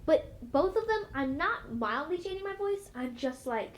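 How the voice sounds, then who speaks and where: A young actress chats as a guest in a casual interview, her high voice animated and moving at a normal speed. She comes across bubbly and rambling, with plenty of fillers.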